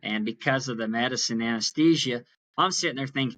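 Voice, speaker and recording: A young man as a podcast guest, earnestly retelling a personal story in an animated way. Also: mid-range voice, brisk. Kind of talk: storytelling in an interview.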